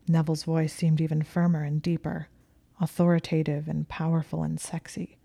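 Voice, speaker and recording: A woman reading a story aloud as narrator, measured, sometimes hushed to a whisper. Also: low voice, level tone, creaky. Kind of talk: audiobook reading of fan fiction.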